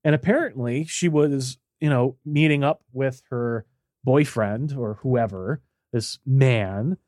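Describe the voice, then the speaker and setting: A man's voice: mid-range voice, takes it slowly, no room sound, studio quality. A man on a podcast telling a story in casual chat, acting out the voices in it. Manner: animated, acts out voices in quotes. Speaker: podcast co-host.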